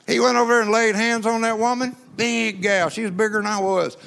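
A man's voice: sits high, normal speed, gravelly, pauses often, a bit bright, a little hiss or hum. A man preaching in a church, telling a funny story in a folksy way and calling on the crowd to answer back. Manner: folksy, joking, call-and-response with the crowd. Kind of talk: sermon with humorous storytelling.

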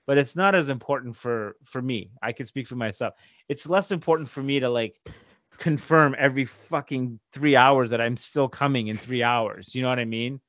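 A man co-hosting a podcast, telling stories in profane, animated casual chat and slipping into quick impressions. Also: medium pitch, dry recording, highs cut off. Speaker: podcast co-host.

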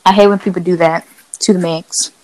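A woman from a Dominican family co-hosts a casual podcast, her lowish voice brisk, mellow, and steady in tone. She tells stories bluntly and with plenty of profanity.

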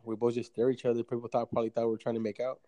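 A man's voice: medium pitch, little pitch movement, racing, warm tone, dry recording. A young man telling rambling, profane stories in a casual podcast chat. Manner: rambling, profane, slangy storytelling. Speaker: storyteller.

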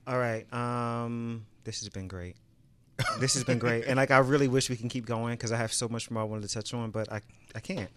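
A man's voice: mid-range voice, fairly even intonation, fairly quick, fairly bright tone. A man hosting a casual round-table podcast, keeping things moving with an upbeat tone and frequent ums. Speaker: podcast host.

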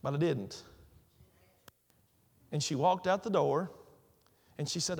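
A man with a high voice preaching a sermon as pastor. He tells everyday stories and repeats key phrases for emphasis. His voice rings with the long reverb of a large hall. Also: a little fast, pauses often.

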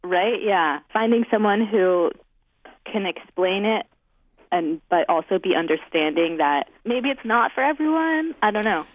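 A woman's voice: medium pitch, lively intonation, a little slow, dry recording. A young woman caller chats casually, with lots of likes and ums and a giggle here and there. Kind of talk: casual phone call. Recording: tinny phone line.

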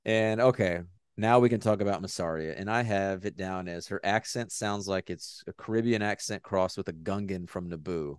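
A man's voice: sits low, normal speed, clear, resonant tone. A man co-hosting a podcast, chatting casually in a rambling, joking way, with the odd swear word. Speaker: podcast co-host. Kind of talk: casual chat.

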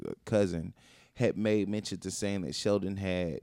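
Co-host, a man with a lowish voice, earnest and reflective, dry close recording. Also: steady tone, moderate pace, warm tone, dry recording. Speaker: podcast co-host. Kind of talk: casual chat.

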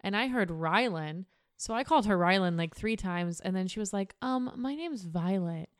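A woman's voice: medium pitch, normal speed, clear, resonant tone, no room sound, studio quality. A woman co-hosting a podcast, telling stories in an emphatic, exasperated way. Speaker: podcast co-host. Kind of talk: casual chat.

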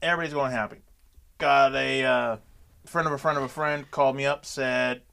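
Profane, animated male storyteller. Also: medium pitch, moderate pace, creaky, clear, resonant tone. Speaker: podcast co-host. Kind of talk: casual chat.

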